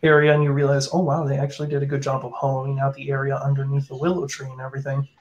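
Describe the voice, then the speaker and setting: A man running a tabletop game as game master, narrating in a casual, halting way with fillers. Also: mid-range voice, monotone, lo-fi sound.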